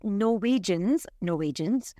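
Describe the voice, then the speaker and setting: A woman co-hosting a travel podcast, chatty and animated, laughing often. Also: medium pitch, takes it slowly, no room sound, clean studio sound. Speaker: podcast co-host. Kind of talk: casual chat.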